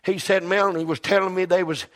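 A middle-aged man preaching a sermon, building fervently into shouted, rhythmic repetitions. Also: high voice, little pitch movement, fast talker.

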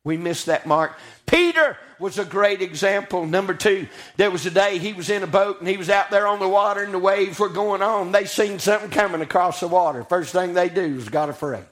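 A man's voice: high-pitched, fairly quick, few pauses, fairly bright tone. A man preaching a sermon, telling scripture stories in a folksy, dramatic way. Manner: folksy, dramatic storytelling with acted quotes.

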